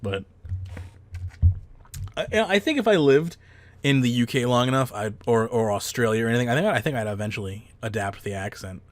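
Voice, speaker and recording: A man's voice: mid-range voice, expressive, brisk, pauses often. A man hosting a casual podcast, rambling with fillers and the odd swear. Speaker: podcast host. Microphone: close headset mic.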